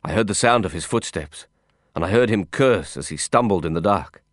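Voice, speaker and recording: A man reads a novel aloud in the first person with a low voice. His telling is measured and intense. The recording is dry and close, with no room sound. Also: expressive, no echo. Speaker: audiobook narrator. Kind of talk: scripted first-person narration.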